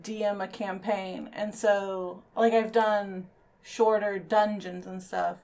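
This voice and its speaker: A woman's voice: medium pitch, takes it slowly. A woman, the game master of a tabletop campaign, chatting casually and reading out listener questions. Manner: relaxed, reads listener questions. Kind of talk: casual podcast chat.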